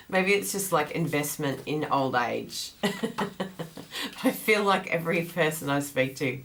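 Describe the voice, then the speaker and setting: Low-voiced chatty woman with a groggy morning voice. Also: expressive, slow pace, long pauses, a bit bright, a little hiss or hum. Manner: chatty and rambling, laughs often. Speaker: craft class host. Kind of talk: casual livestream chat.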